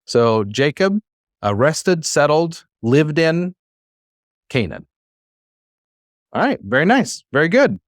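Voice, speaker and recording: A man's voice: a little high, sing-song, slow pace, long pauses, no room sound, clean studio sound. A man teaching a class, who explains patiently and coaxes his students to try reading aloud. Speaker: Hebrew teacher.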